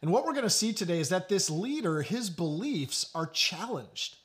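A middle-aged man preaching a sermon. He tells a story in a conversational way and often drops to a low, quiet voice. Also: sing-song, moderate pace. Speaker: pastor.

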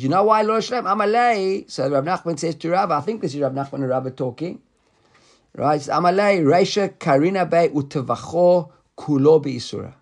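A man teaching a Talmud study class, explaining the text lively and acting out the rabbis' words while quizzing a student. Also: a little high.

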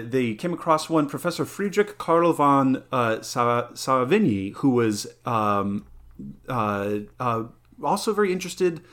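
A man co-hosting a casual podcast, rambling through a story with lots of fillers, restarts and laughter. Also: medium pitch. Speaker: podcast co-host.

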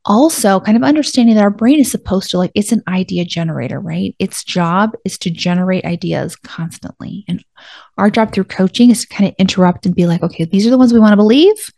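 A woman's voice: medium pitch, brisk, creaky, mellow, no echo. A woman life coach talking through a podcast monologue in a conversational way, often acting out her own self-talk.

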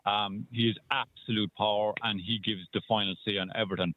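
A man's voice: on the low side, steady tone, a little hiss or hum. Insistent male caller on a muffled phone line. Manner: insistent, halting with fillers. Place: in a car.

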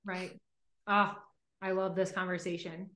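A woman hosting a podcast in casual chat. She talks in a chatty way, uses lots of filler "like"s and acts out quick examples. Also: fairly low pitch, level tone, fairly bright tone. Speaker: podcast host. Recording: roomy echo.

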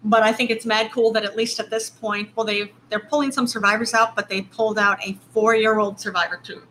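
Woman podcast co-host, bright higher voice, rambling casual news chat, faint background hiss. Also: little pitch movement, brisk, poor audio. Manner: rambling, self-correcting news recap.

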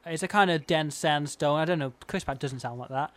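A man co-hosting a comedy podcast, delivering absurd bits in a deadpan, mock-serious way. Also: on the high side, brisk. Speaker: podcast co-host.

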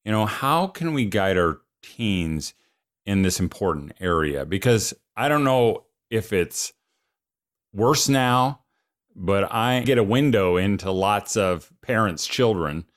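A man's voice: fairly low pitch, expressive, slow. A man hosting an interview, affirming his guest and sharing personal stories. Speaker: show host. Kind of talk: interview conversation.

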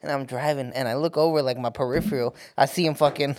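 A man's voice: medium pitch, fairly even intonation, fast, noisy background. A man co-hosting a podcast, telling a story in a profane way and laughing as he goes. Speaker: podcast co-host. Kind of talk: casual storytelling chat.

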